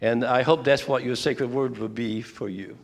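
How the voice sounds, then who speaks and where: An older man teaching a prayer workshop in a relaxed, rambling way, full of side remarks. His medium-pitched voice carries a long reverb from the hall he speaks in. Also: moderate pace. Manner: relaxed, conversational with asides and restarts. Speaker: workshop leader. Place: church fellowship hall.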